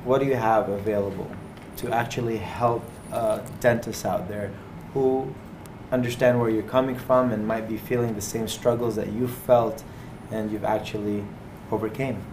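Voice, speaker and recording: A man host asks his question hesitantly and repeats his words. His voice sits a little low. He sounds far from the mic, with clear noise behind him. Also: fairly even intonation, normal speed. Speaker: interview host. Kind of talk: interview questions.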